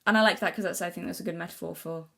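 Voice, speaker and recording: A woman's voice: fairly low pitch, fairly even intonation, rapid-fire, creaky, fairly bright tone. A young woman vlogging in casual unscripted talk, earnest and rambling, with many restarts and self-corrections. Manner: earnest, thinking aloud.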